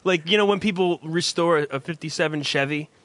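A man's voice: fairly high pitch, brisk, fairly bright tone, no room sound. A man hosting a podcast, sarcastic and profane, teasing his co-host and laughing a lot. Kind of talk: casual chat.

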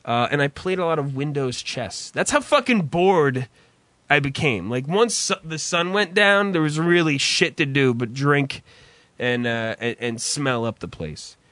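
A man's voice: a little high, expressive, measured pace, fairly bright tone, dry recording. A young man hosting a podcast in casual chat, swearing and laughing often. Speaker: podcast host.

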